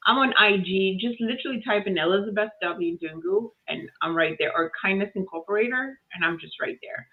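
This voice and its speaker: A woman telling a lively story about kindness as a guest on a video call, laughing often and acting out voices. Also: medium pitch, fairly quick. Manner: animated, laughs often, acts out voices in stories. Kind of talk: casual storytelling. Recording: tinny phone-like line.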